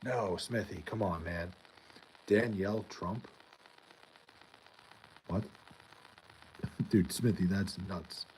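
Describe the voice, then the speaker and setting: A man's voice: low-pitched, very slow, long pauses, a little mellow, a little hiss or hum, low-quality recording. A young man hosting a livestream, rambling casually, swearing often and answering chat by name. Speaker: livestream host reading chat. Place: home in New York.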